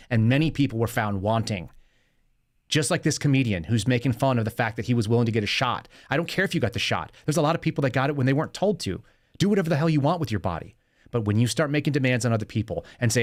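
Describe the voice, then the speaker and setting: A man hosting a live podcast, speaking in an emphatic, fast-paced monologue and reading a post aloud. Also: on the low side, darkish tone, no echo, clean studio sound. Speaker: podcast host.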